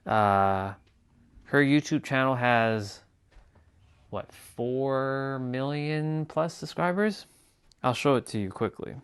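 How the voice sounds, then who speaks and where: Guy streaming and just rambling to chat, mid-pitched voice, keeps restarting his sentences. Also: slow pace, clean tone. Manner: rambling, repeats phrases and restarts. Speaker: livestreamer. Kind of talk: casual live-stream chat.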